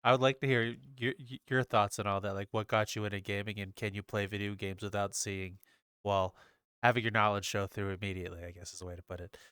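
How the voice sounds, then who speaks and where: A podcast host with a low, smooth, clear voice asks long, curious questions and laughs easily. His voice comes through dry and close. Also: flat delivery, fast, a bit bright, no room sound. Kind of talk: casual podcast interview.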